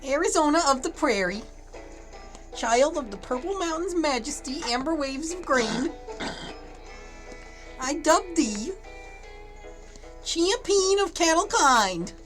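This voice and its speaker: A woman puts on a doting mother cow with a thick folksy Midwestern accent, for a cartoon game. Her voice sits high and sweet. Faint background music hums along. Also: lively intonation, slow, long pauses.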